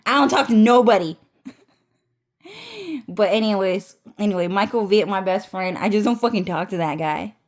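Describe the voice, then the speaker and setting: A woman's voice: medium pitch, moderate pace, pauses often. A woman talking straight to her viewers in a loose storytime vlog. She rambles, swears freely and keeps breaking into laughter. She often stumbles and restarts her sentences as she goes. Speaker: vlogger.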